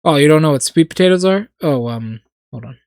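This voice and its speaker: A streamer reacting to a game on a livestream, swinging from low mumbles into profane, mock-furious shouting rants. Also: lively intonation, brisk, vocal fry, no room sound.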